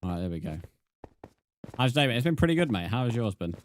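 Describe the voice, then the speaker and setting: A man's voice: medium pitch, fast, noisy background. A young British man live-streaming a game, chatting casually and answering his viewers' messages. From Britain. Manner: relaxed, reads chat aloud and answers viewers, says "mate". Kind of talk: casual live-stream chat while gaming.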